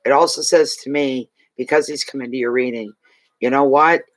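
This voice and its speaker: Man, tarot reader, emphatic and repetitive, dry close sound, mid pitch. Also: steady tone, normal speed, no room sound, poor audio. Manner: emphatic, repeats key phrases for reassurance. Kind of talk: tarot card reading for a client.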